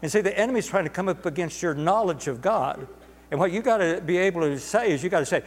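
A man's voice: high voice, animated, quick pace, big-room sound. A man preaching a sermon to a congregation, emphatic and repetitive, drawing words out for stress. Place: church sanctuary.

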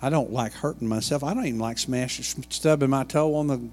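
A man's voice: medium pitch, fairly quick, darkish tone, big-room sound. A man preaching a sermon and retelling a Bible story in a folksy way, full of asides and homey jokes. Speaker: pastor. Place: church sanctuary.

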